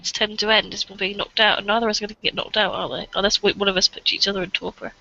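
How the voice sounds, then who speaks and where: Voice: medium pitch, flat delivery, very fast, gravelly, pushed and bright, a little hiss or hum. A player narrating their character's actions in a tabletop role-playing game in a casual, plain way, on a dull lo-fi recording.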